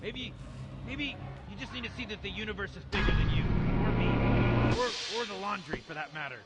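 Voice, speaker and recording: A man's voice: high voice, lively intonation, fairly quick, over loud music. A man voicing Rick, a careless old mad scientist who rambles through his plans and brushes off worries, as a fan impression over gameplay. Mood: placating. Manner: rambling, dismissive.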